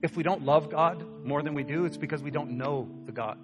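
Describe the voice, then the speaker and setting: A young man preaching, telling a personal story with lively acted-out voices. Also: a little high, fairly quick. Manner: animated storyteller acting out quoted voices. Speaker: pastor. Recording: long hall reverb with soft guitar.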